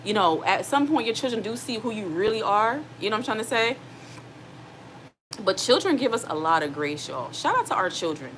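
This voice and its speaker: A woman's voice: medium pitch, very animated, a little fast, a bit bright, low-quality recording. A woman in her thirties, a single mom giving casual, earnest advice straight to her viewers. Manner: earnest, direct, addresses viewers as y'all. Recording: noticeable background noise.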